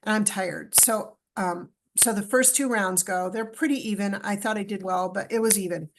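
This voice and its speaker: A middle-aged woman, a podcast guest, telling a personal story with lively acted-out dialogue. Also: medium pitch, normal speed, noisy background. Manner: animated storyteller, acts out dialogue.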